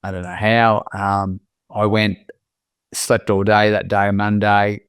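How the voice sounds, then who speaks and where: Australian man, low smooth voice. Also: level tone, dry recording, studio quality. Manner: reflective, halting, with many restarts and "you know"s. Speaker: guest. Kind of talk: candid personal storytelling.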